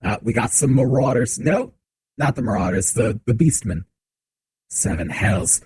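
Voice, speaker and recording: A man streaming a game from a home setup, chatting with viewers in a relaxed, joking way into a desk mic. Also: medium pitch, normal speed, husky, no echo, poor audio. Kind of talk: casual game commentary. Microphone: desk mic on shock mount.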